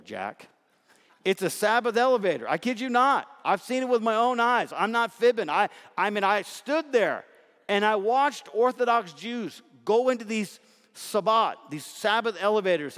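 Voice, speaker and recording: A man's voice: sits high, very animated, measured pace, fairly bright tone. A man preaching a sermon, emphatic and often checking in with "right?", stretching out key words for stress. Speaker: pastor. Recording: long hall reverb.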